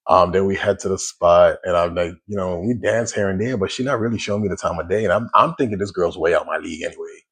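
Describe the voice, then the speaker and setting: Casual storytelling from a man with a very low voice. he talks in a loose, conversational way and keeps restarting his sentences. slow, reflective pauses run through it, like he's thinking out loud as he goes. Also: husky. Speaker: single dad sharing his testimony.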